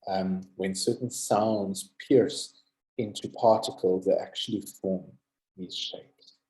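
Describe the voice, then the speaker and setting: A man teaching a recorded yoga lesson, slowly repeating Sanskrit terms and having listeners say them back. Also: deep voice, steady tone, warm tone, reverberant, rough recording. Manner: drills pronunciation, repeats words slowly and asks listeners to say them.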